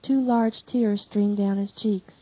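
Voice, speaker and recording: Slow, husky woman reading aloud. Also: mid-range voice, steady tone, no room sound. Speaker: audiobook reader. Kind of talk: scripted narration of a devotional text. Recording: slightly dull lo-fi audio.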